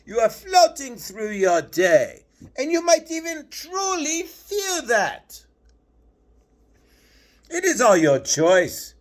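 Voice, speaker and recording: A man's voice: very high voice, big pitch swings, slow pace, long pauses, heavily acted. A man channeling a patient, preachy male spirit master, lecturing through earnest rhetorical questions. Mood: earnest, urging.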